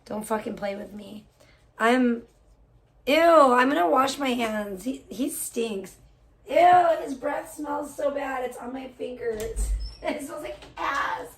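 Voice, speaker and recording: High-voiced woman chatting on a livestream. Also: takes it slowly. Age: adult, older than most of her chat. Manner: swears freely, slips into high baby talk with her cat. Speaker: livestream host. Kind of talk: casual livestream chat.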